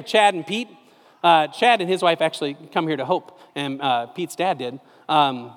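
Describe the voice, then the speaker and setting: A man in his forties preaching a sermon in a church, telling a personal story with animated, self-deprecating humor. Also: sits high. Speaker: pastor. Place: church sanctuary. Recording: long reverb of a large hall.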